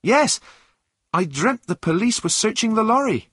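A man voicing a frightened young man on the run, speaking high and anxiously. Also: very animated, moderate pace, fairly bright tone, slightly rough, no room sound, studio quality, exaggerated voice.

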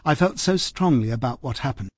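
A man reading the part of a tired, hurt middle-aged female housekeeper in an audiobook, speaking quietly and haltingly. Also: medium pitch, expressive, slightly rough, no echo, studio quality. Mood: weary. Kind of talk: audiobook character voice.

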